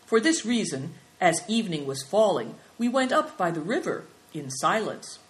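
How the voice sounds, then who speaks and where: A woman's voice: lowish voice, very animated, moderate pace. A woman reading a storybook, voicing a brave, resolute young boy adventurer. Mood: earnest telling. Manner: eager, resolute.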